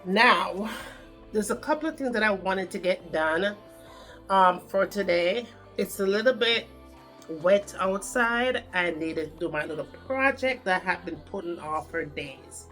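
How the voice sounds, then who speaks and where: A woman's voice: medium pitch, animated, measured pace, fairly bright tone, soft background music. A woman with a Jamaican accent chatting to camera as a vlogger, telling her story in a chatty, dramatic way. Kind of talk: casual chat to camera.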